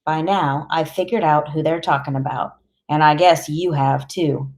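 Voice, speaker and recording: A woman's voice: low-pitched, steady tone, normal speed, darkish tone. A woman reading a first-person audiobook in a plain, conversational voice. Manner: plain, conversational, as a teenage boy. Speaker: audiobook reader.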